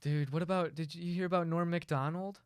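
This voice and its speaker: A man's voice: on the high side, steady tone, fairly quick, clean tone, dry recording, studio quality. A man co-hosting a podcast in casual chat, mostly giving short reactions and jokes. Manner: reactive, short backchannel replies, joking. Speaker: podcast co-host.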